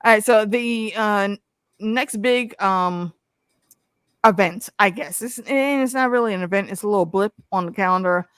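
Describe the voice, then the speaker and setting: Animated woman hosting a dry-sounding recap. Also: medium pitch, normal speed, clear, resonant tone, no echo. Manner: animated, profane, acts out quotes. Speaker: podcast host. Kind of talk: casual show recap discussion.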